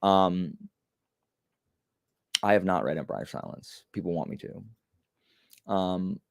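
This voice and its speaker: A man's voice: deep voice, slow pace, vocal fry, dry recording, studio quality. A young man chatting casually on a live stream, rambling and self-deprecating with many fillers.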